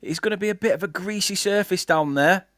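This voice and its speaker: A young Lancashire-accented man from England hosts a fan channel's live football watchalong, calling the play and chatting with viewers. Between play-by-play he reads out their comments. His voice sits high, fairly quick and fairly bright, in a dry, studio-quality recording.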